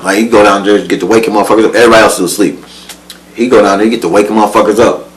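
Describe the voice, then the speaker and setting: Low-voiced man telling a story, swearing freely. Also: rapid-fire, low-quality recording. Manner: profane, slangy, keeps asking "you know what I'm saying"; laughs often, repeats and restarts words. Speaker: guest telling a life story. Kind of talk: casual storytelling.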